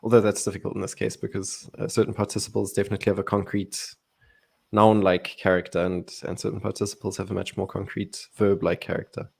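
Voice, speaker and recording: Low gravelly man explaining Greek. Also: little pitch movement, fast talker. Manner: laughs often, playful while explaining grammar. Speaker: Greek language guide in a Bible study. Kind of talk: casual explanatory chat.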